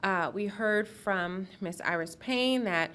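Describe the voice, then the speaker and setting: A woman's voice: medium pitch, slow, a bit bright, smooth. Woman moderating a panel. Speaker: event moderator. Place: event hall.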